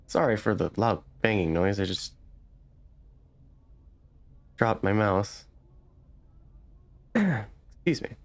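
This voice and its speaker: A man's voice: on the low side, extremely slow, gravelly, pauses often. A man hosting a let's play, reading game text aloud unhurriedly, with hesitant fillers between passages.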